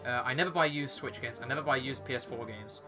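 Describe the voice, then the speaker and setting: A man's voice: medium pitch, quick pace. A young British man chatting casually while livestreaming a video game, rambling with lots of fillers and restarts. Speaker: streamer. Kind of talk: casual chat while gaming. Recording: faint background music.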